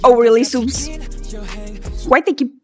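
A high-pitched young woman reacting to a music video with wild, breathless excitement. She swears freely, sings along and jumps into shrieks. Faint music plays behind her voice. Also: unhurried.

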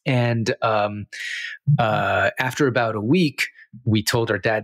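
A man's voice: fairly low pitch, steady tone, takes it slowly, fairly bright tone, no echo. A man who grew up in Israel, a podcast guest telling a childhood story in a rambling, self-amused way with many fillers. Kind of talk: casual storytelling.

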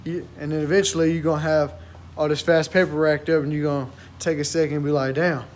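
Young man, casual vlog talk, laid-back, slightly high voice, faint background noise. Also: flat delivery, fast. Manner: laid-back, repetitive slang filler. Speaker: vlogger.

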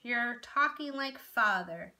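A woman reading the part of a scornful, bitter teenage boy in a storybook tale, his voice pitched fairly high and slow, with a bright, forceful edge to it. He sounds intense and resentful from line to line. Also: lively intonation, exaggerated voice.

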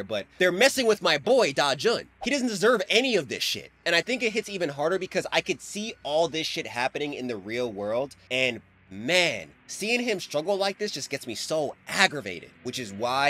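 A man's voice: mid-range voice, fairly bright tone. A man giving a casual, slang-filled recap of a comic story, emotionally invested in the hero. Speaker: manhwa recap creator.

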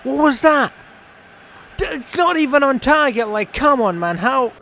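A man giving casual, excitable commentary over a football video game, swearing and joking at his viewers. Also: extremely high pitch, measured pace, slight background noise. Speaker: gaming YouTuber.

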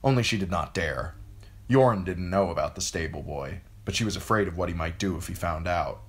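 A man reading a novel aloud as an amateur audiobook narrator, in an expressive storytelling way. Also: deep voice, a little fast.

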